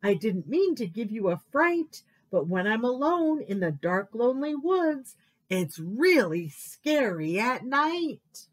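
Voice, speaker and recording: A woman's voice: a little high, big pitch swings, takes it slowly, exaggerated voice. A woman voicing a small, scared wolf cub who whines and howls in a children's story. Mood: whimpering. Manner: whining, howling.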